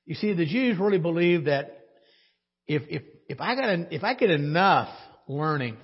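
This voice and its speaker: Husky high-voiced preacher. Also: male voice, animated, normal speed, dull audio. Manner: teaching, asks the congregation questions and answers them. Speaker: pastor. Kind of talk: sermon.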